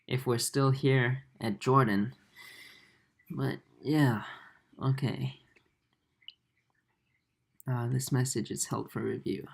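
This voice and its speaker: A man's voice: mid-range voice, gravelly. Easygoing young man with Aussie-tinged accent. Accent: Australian-tinged English. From Japan and Singapore. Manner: relaxed, easygoing, many fillers and restarts. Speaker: aquarium channel host. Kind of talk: casual livestream chat reading comments. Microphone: laptop mic.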